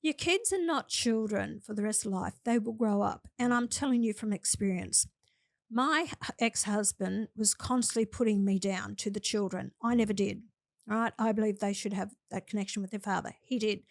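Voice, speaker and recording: An older woman with an Australian accent talks plainly and earnestly, passing on advice through personal anecdotes. Her voice sits at an ordinary middle pitch. The recording is dry and close, with little room sound. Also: normal speed, creaky, no echo. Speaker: senator, guest. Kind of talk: interview conversation.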